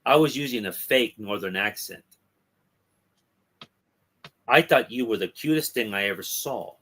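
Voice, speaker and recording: A man reading a young woman's comic dialogue aloud in a plain, husky voice. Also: mid-range voice, expressive, measured pace, bright, forceful tone. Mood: quiet. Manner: plain reading, with little change of voice. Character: wistful young woman rejecting her lover.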